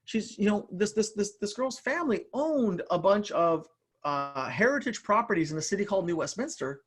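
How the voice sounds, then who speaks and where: A man giving an energetic motivational talk over a video call, often repeating words and addressing the listeners directly. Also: sits high, moderate pace, husky. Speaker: motivational speaker and author. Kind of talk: live online motivational talk.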